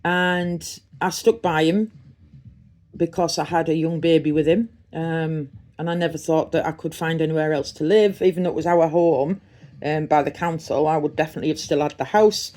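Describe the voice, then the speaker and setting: A middle-aged woman with a Teesside accent talks in a fairly low voice. She rambles warmly and chattily, gushing now and then, as if to friends in a casual unboxing vlog. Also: fairly quick. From Redcar, North East England. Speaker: vlogger.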